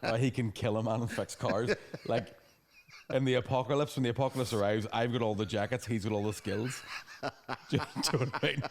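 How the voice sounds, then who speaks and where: A man's voice: medium pitch, fairly even intonation, slight background noise. A man, telling rambling, sweary stories as a podcast co-host in casual chat. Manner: fast, sweary storytelling with laughing asides.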